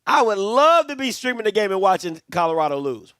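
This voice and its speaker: A man's voice: sits high, sing-song, a little fast, few pauses, background noise. A man hosting a live watch party, reacting to a game in a casual, slangy, trash-talking way.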